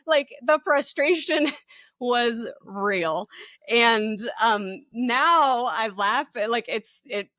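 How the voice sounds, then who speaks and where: A woman podcast co-host telling a personal story in casual chat, animated and laughing as she acts out what people said. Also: high voice, unhurried, no echo, clean studio sound.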